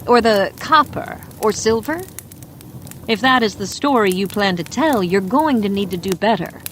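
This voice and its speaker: A woman voicing a wary, sharp-tongued woman who lives in the forest, blunt and teasingly wry, in a bedtime mystery audiobook. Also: mid-range voice, animated, normal speed, slight background noise, lightly acted.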